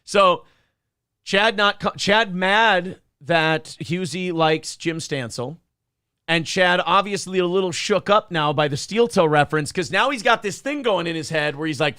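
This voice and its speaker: A man's voice: sits high, a little slow, clean tone, dry recording, clean studio sound. A man hosting a morning show podcast, talking casually and mockingly about clips, with plenty of swearing. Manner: animated, profane, mocking. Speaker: podcast host.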